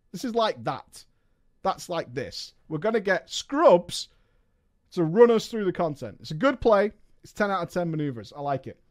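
Male streamer, fairly high and very animated, swears and jokes while reading a story to chat. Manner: animated, swears and laughs often, reads in quick asides. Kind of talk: reading aloud with live reactions.

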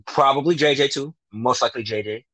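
This TV fan has a mid-range, somewhat bright voice and speaks fairly quickly, captured with no echo but poor audio quality. Chatting loosely and full of slang, he rambles through his plot predictions, correcting himself and performing the lines he pictures characters saying.

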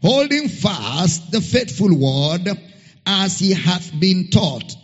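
Male pastor, high husky voice, slow emphatic scripture reading, reverberant hall. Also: lively intonation. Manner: spells out a Greek word letter by letter. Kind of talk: sermon. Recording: muffled sound with long hall reverb.

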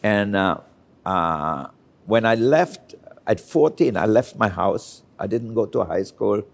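A man's voice: fairly low pitch, expressive, takes it slowly, creaky. An older man from Austria, a chef being interviewed, telling candid anecdotes and acting out the people in them. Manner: candid anecdotal storytelling with quoted voices. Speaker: chef guest. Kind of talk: storytelling interview.

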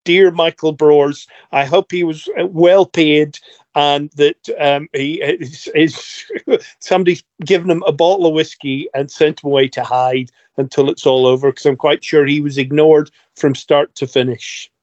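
A man's voice: fairly high pitch, steady tone, measured pace, a little mellow, dry recording, lo-fi sound. A man contributing to a podcast in casual chat, hesitant and full of fillers.

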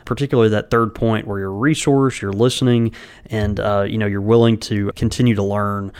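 A man's voice: fairly low pitch, fairly even intonation, brisk, a little mellow, clean tone. A man co-hosting a podcast in casual chat, rambling and full of filler words. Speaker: podcast co-host.

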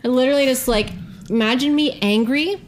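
A young adult woman telling a story in a casual podcast chat, animated, profane and self-mocking. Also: high voice, fairly quick. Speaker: guest storyteller.

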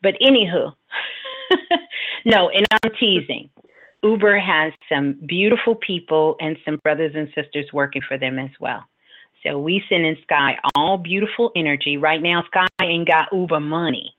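A middle-aged woman host gives casual advice in a slightly low voice. She teases and laughs often, and acts out the people she quotes. The sound is thin and tinny, like a phone line. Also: moderate pace. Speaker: radio host and spiritual advisor.

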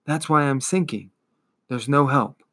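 A man voicing a weary, despairing little male horse, speaking softly and low in a storybook reading. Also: unhurried. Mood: resigned.

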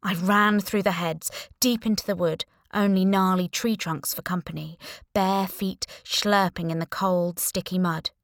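A woman's voice: fairly low pitch, fairly even intonation, unhurried, no room sound. A young adult woman narrating a thriller audiobook in the first person, with a dry, wry manner.

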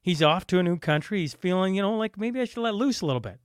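Exasperated high-voiced man ranting. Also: animated, quick pace, clean tone, no echo, clean studio sound. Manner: exasperated, ranting, stumbles over words. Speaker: podcast co-host. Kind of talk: casual podcast chat.

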